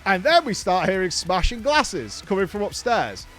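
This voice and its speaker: A man's voice: sits high, very animated, normal speed, a bit bright, slight background noise. A middle-aged man, a podcast host, animatedly telling a story in a casual chat, swearing and laughing as he goes.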